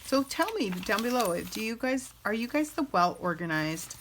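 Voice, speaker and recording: A woman's voice: fairly high pitch, very animated, normal speed, noisy background. A woman in her thirties hosting a casual craft flip-through, rambling and self-deprecating, with plenty of filler words. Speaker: junk journal crafter and channel host.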